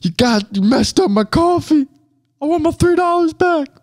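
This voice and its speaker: A man voicing a furious young male customer yelling over a botched coffee order, in a shouting, petulant way. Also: extremely high pitch, expressive, normal speed, in a large hall, pitched above the performer's own voice. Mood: furious, whiny.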